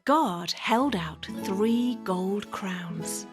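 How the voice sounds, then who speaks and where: Children's storybook narrator, woman, gentle and unhurried, lively pitch, light music behind. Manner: slow, gentle, lilting storytelling.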